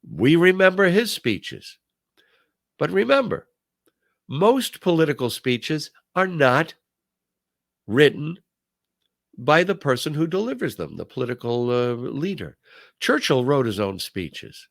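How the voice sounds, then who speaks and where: An older man hosts a talk show with a gravelly edge to his voice. His pitch rises and falls animatedly as he tells stories and acts out famous quotes. The sound is dry and close. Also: fairly bright tone, dry recording. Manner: storytelling, quotes speeches in put-on voices. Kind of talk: conversational commentary.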